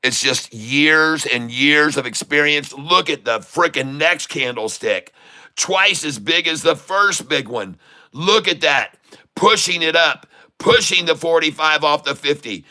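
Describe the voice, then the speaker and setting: A man's voice: fairly high pitch, measured pace. Hyped man calling live stock charts. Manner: hyped, shouts at the chart, talks to chat. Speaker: day-trading livestream host. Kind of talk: excited live stock-trading commentary.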